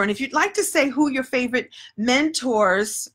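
A woman's voice: high-pitched, moderate pace, fairly bright tone. Chatty woman coach on a live stream. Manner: chatty, playful storyteller. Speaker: speaking coach. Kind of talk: casual live-stream talk.

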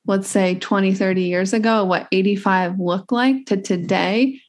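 A woman's voice: medium pitch, normal speed. A woman in her thirties hosting an interview, chatty and upbeat with frequent restarts. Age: 30s. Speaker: podcast host. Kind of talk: casual interview chat.

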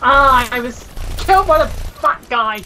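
A woman's voice: high voice, expressive, measured pace, bright, forceful tone. A woman chatting casually during gameplay, laughing often between reactions. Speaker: gaming guest. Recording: voice chat with clear background hiss.

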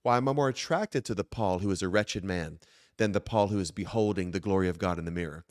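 Man, bishop host, low voice, earnest, restarts a lot, dry close sound. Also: a little mellow, dry recording. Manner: quick, earnest, many filler words and restarts. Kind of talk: sermon-like talk show monologue.

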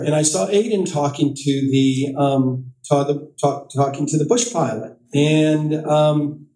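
A man's voice: a little high, warm tone. A middle-aged man giving an author's talk at a library, telling anecdotes with self-deprecating humor and quoted voices. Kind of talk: storytelling talk to an audience. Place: library meeting room. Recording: echoey room, distant mic.

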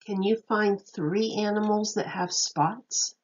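A woman's voice: medium pitch, fairly even intonation, slow pace, darkish tone, muffled recording. A woman teacher reading a picture book aloud to children, patiently asking them questions and praising their answers.

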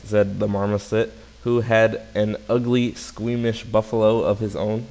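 A man's voice: on the low side, level tone, normal speed, creaky, few pauses, a little mellow, low-quality recording. A man reading a silly fill-in-the-blank fairy tale aloud in a casual storybook manner.

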